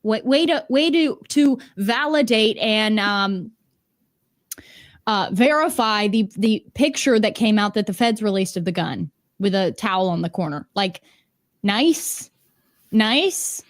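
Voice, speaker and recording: A woman's voice: mid-range voice, animated, slow, no echo, clean studio sound. A woman streamer giving sarcastic, incredulous reaction commentary, swearing casually as she picks apart what she reads.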